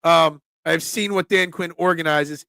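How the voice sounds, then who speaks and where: A man with a Philly accent hosts a casual sports talk show, joking with his chat between points. His voice is on the high side with a rough, gravelly texture. The sound is dry and close, with no room echo. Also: steady tone, measured pace, sharp tone. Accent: Philadelphia. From Philadelphia. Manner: chatty, joking with chat, frequent ums.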